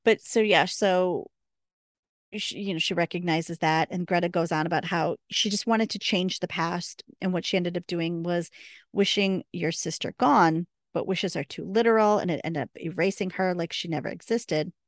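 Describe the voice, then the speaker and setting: Chatty woman with a gravelly low voice. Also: normal speed, dry recording, clean studio sound. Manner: chatty, laughs often, full of fillers and retold dialogue. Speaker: podcast co-host. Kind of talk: casual episode recap.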